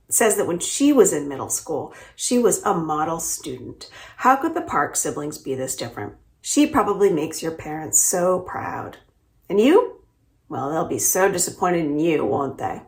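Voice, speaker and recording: Slow-talking stern principal, as a woman reads him. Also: low voice, big pitch swings, vocal fry, heavily acted. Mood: scolding. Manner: slow, drawn-out scolding. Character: strict adult male school principal. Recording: roomy echo.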